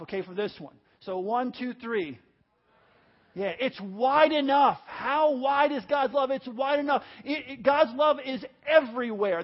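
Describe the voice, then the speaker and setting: A man preaching a sermon, emphatic and repetitive, calling on the congregation to answer back. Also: very high voice. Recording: dull lo-fi audio.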